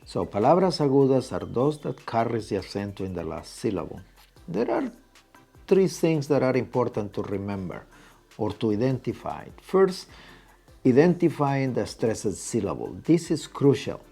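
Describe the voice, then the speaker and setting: A man's voice: medium pitch, mellow, husky. A man teaching a lesson, patiently repeating key points and stretching out syllables. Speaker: Spanish teacher. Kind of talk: explaining at a whiteboard.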